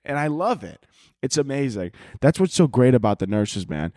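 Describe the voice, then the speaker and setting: A man's voice: mid-range voice, big pitch swings, moderate pace, dark tone, no room sound, clean studio sound. A man hosting a podcast, telling rambling, profane comic stories and laughing often. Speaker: podcast host. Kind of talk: casual comedic podcast monologue.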